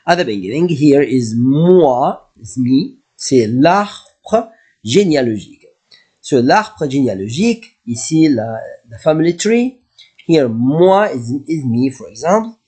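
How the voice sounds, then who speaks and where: A man teaching beginner French, whose first language is Arabic. He explains in English and repeats each French word slowly. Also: medium pitch, big pitch swings, warm tone, breathy edge. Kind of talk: slow classroom language lesson.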